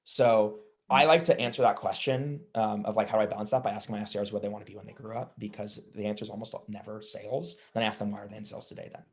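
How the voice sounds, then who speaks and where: A man talks quickly on a webinar panel, with a fairly low voice. He speaks with energy and likes rhetorical questions. He comes through a video call. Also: steady tone. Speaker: sales leader panelist.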